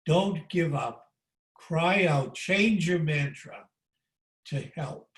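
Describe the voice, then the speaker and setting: An older man giving an unscripted spiritual talk as a monk, halting with many fillers and restarts, over a video call. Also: on the high side. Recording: echoey room, distant from the mic.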